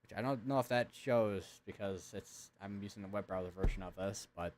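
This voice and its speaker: A man's voice: fairly low pitch, normal speed, a little mellow, slight background noise. A young man hosting a live severe weather stream, talking casually with lots of fillers and restarts as he checks radar and alerts at his computer.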